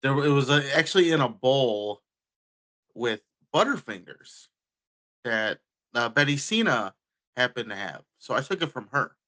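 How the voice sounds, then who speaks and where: Podcast co-host, male, bright tone, laid-back joking banter. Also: mid-range voice, lively intonation, measured pace. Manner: joking, chewing on a candy while talking. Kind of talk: casual chat.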